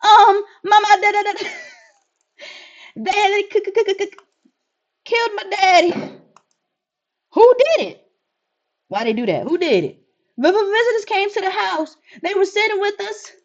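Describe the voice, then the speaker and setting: A woman's voice: extremely high pitch, sing-song, moderate pace, highs cut off, pitched above the performer's own voice, full character voice. A woman voicing a frightened little girl who stutters as she reads a game's dialogue aloud. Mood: scared. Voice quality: stuttering, breathless.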